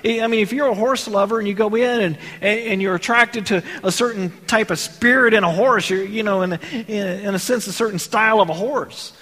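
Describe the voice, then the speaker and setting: High-voiced man preaching in a reverberant hall. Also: a bit bright, husky. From Texas. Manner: conversational preaching with rhetorical questions. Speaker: pastor. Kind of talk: sermon.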